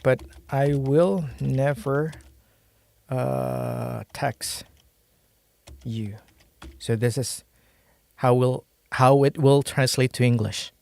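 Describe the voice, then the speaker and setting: A man's voice: mid-range voice, fairly even intonation, extremely slow, creaky, long pauses, a little mellow. A young man with an Indonesian accent, a native Indonesian speaker, giving a casual language lesson, thinking aloud and hesitantly searching for his words. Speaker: language teacher.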